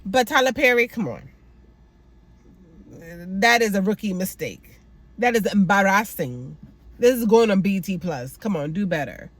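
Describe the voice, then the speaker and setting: A woman's voice: mid-range voice, normal speed, pauses often. Sassy woman reviewing a TV episode. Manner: sassy, animated commentary with exasperated asides. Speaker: show recap host.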